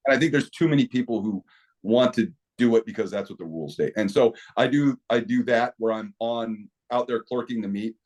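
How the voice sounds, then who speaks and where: A man's voice: medium pitch, a little fast, a little mellow. A middle-aged man talking as a podcast guest, telling stories animatedly with many restarts. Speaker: podcast guest, equipment company owner. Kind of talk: casual interview talk.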